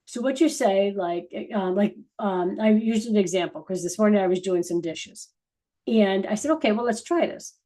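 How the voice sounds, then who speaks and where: A woman's voice: medium pitch, moderate pace, low-quality recording. Earnest woman channeling spiritual messages. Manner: earnest, rambling, with restarts and soft trailing ends. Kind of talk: casual spiritual talk to viewers.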